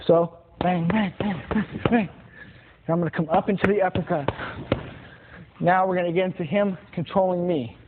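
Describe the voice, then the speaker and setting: A man's voice: high-pitched, normal speed, long pauses. A man teaching boxing combinations, talking plainly and repeating punch sounds as he demonstrates. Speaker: boxing instructor. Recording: tinny phone-like sound with noise.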